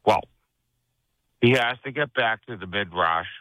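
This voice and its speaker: Deep bright-toned eager male caller. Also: unhurried, no room sound, poor audio. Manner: eager, effusive. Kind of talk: radio call-in.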